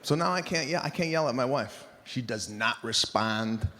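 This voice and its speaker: A man's voice: mid-range voice, normal speed, a little hiss or hum. Exasperated stand-up comedian, a man. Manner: animated, exasperated, swings between loud bursts and mutters. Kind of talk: stand-up storytelling.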